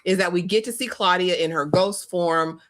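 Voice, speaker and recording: A woman's voice: on the low side, moderate pace. A woman co-hosting a casual TV recap chat, sassy and emphatic, piling up repeated complaints. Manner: sassy, emphatic, repetitive lists. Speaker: podcast co-host.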